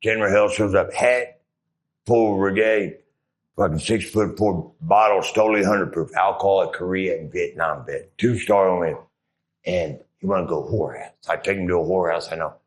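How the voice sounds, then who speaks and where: A man's voice: low voice, normal speed. A middle-aged man, a former Marine, telling rambling, profane stories in a casual interview. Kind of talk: casual storytelling.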